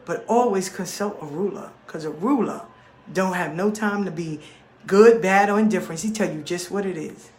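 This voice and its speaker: A woman's voice: lowish voice, moderate pace, darkish tone, echoey room. A woman hosting her own talk show, speaking bluntly and with a lot of swearing to her followers, acting out both sides of conversations. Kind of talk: casual monologue to followers.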